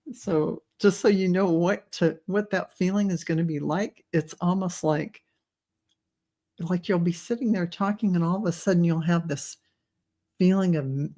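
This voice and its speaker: Woman guest, low-ish pitch, loose, expressive, easy laugh, spiritual chat. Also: gravelly. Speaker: guest channeler. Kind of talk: casual spiritual conversation.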